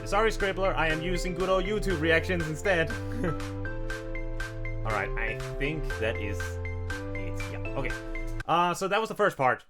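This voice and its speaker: A man talks loosely over a video he is watching, breaking off mid-thought and starting again. His pitch swings widely from line to line. Music from the video plays clearly behind him. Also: animated, moderate pace, long pauses. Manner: rambling, restarts, frequent laughs. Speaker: reaction commentator. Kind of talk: casual blind reaction commentary.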